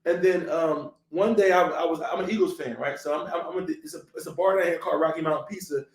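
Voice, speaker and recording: Fast-talking high-voiced male podcast host. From Philadelphia, US. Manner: animated, profane, laughing storyteller. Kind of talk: casual storytelling chat. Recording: roomy echoey room.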